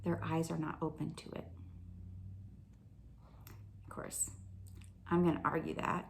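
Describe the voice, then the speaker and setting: A woman's voice: mid-range voice, animated, unhurried, pauses often, a little mellow. A woman talks through a personal experience in a casual, earnest way. She is open and confessional, and she often laughs at herself as she goes.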